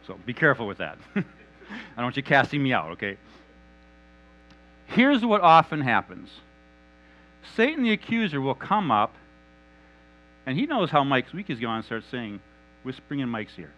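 A man preaching a sermon in an animated, conversational and humorous manner. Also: medium pitch, normal speed, pauses often, dull audio.

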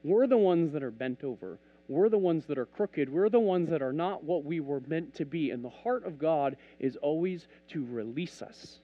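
A man's voice: medium pitch, husky, muffled recording. A man preaching a casual, conversational sermon, telling stories and acting out bits of dialogue. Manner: animated, conversational, acts out dialogue.

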